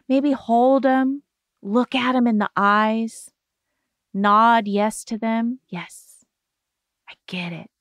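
A woman hosting a self-help show, explaining a healing exercise in a gentle, reassuring coaching tone. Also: fairly high pitch, no room sound, clean studio sound. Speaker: podcast host giving therapy advice.

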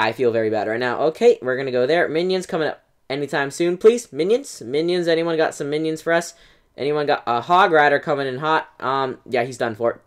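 An excitable young man talks through his gameplay as it happens. His delivery is chatty, with frequent "um"s and direct asides to his viewers. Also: mid-range voice. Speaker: gaming YouTuber. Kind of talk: live gameplay commentary.

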